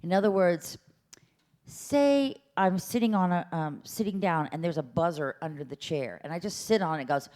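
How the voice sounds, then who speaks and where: A woman's voice: on the low side, moderate pace, a little mellow. A woman voice teacher leading a workshop, chatty and playful, showing sounds by meowing and humming. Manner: demonstrates sounds, meows and hums. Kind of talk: vocal workshop instruction. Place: lecture room at a symposium.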